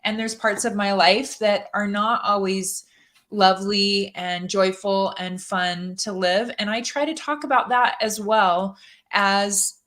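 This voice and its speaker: A woman speaking as a guest on a podcast in an open, chatty way. Her pitch sits at an ordinary middle height for a woman. She laughs easily and often restarts her sentences as her thoughts come. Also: steady tone, takes it slowly, a bit bright. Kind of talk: casual podcast chat.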